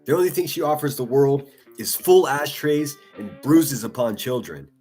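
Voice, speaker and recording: A man's voice: medium pitch, normal speed, darkish tone, soft background music. A man giving profane, taunting live-stream commentary, laughing often as he mocks. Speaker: livestream commentator.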